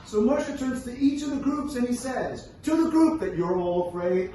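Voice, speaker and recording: A man's voice: extremely high pitch, normal speed, hardly any pauses, dark tone. A man teaching a Torah lesson as a rabbi, reading verses, translating them, and pressing with rhetorical questions. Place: event room at a brunch. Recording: very echoey room from far off, faint noise.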